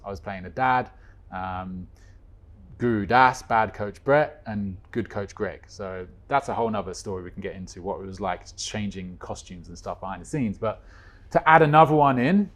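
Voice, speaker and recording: A man guest telling a story in a casual chat, animated, with quick swings in pitch and loudness. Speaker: guest, co-creator of a stage musical.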